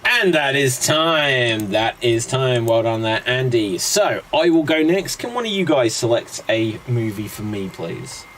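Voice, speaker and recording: Brisk male improv host. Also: mid-range voice, sing-song, a bit bright, slight background noise. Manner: brisk, announcing. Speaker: show host. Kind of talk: improv game hosting.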